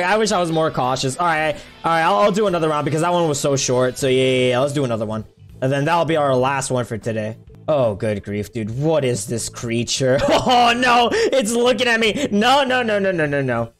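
A young man casually commenting on his own gameplay, excitable and slangy, often yelping and shouting at what happens on screen. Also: fairly high pitch. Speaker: gaming video creator.

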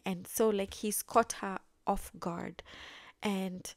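A woman's voice: mid-range voice, steady tone, slow, gravelly, darkish tone, no echo. A young woman casually recapping a TV episode, chatty, often acting out the characters' lines. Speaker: video reviewer.

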